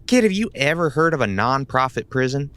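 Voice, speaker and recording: A man's voice: medium pitch, sing-song, fairly quick, fairly bright tone, no room sound. A man voicing a hard-bitten young woman, a smoking gangster's moll who talks tough and calls people kid. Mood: sassy.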